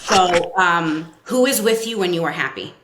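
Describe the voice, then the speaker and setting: Guest: woman with a New York accent, slightly low voice, casual talk, roomy recording. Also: normal speed, a bit bright. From Brooklyn. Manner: chatty, many fillers, acts out kids' quotes. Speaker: child psychotherapist guest. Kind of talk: casual podcast interview. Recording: roomy echo.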